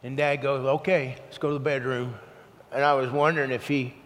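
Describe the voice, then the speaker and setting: A man preaching a sermon, telling a personal story in an earnest, storytelling way that turns hushed and emotional, then leading a prayer. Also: medium pitch, flat delivery, a little fast, in a large hall.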